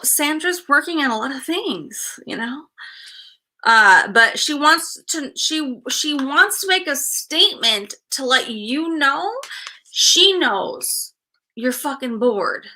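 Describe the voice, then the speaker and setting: A woman giving a casual spirit reading as a medium, halting and full of fillers, frank and breaking into laughs. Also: sits high, lively intonation, bright, forceful tone. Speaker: psychic medium.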